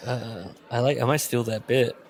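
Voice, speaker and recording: A man's voice: medium pitch, fairly even intonation, normal speed. A man co-hosting a casual podcast chat, riffing on a book and reading its lines aloud in joking voices. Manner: riffing, reads book quotes in mock voices. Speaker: podcast co-host.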